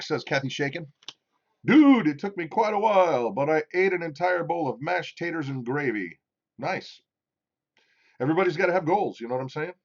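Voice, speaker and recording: A man's voice: medium pitch, lo-fi sound. A middle-aged man hosting a casual live stream, rambling and chatty as he reads out viewer comments. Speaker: livestream host.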